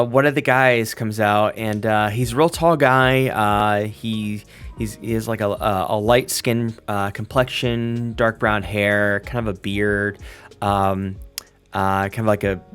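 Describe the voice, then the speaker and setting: A man narrating a tabletop role-playing game as game master, halting often to search for words. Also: on the low side, fairly even intonation, fairly bright tone, clear, resonant tone, faint music behind. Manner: halting, full of fillers and restarts.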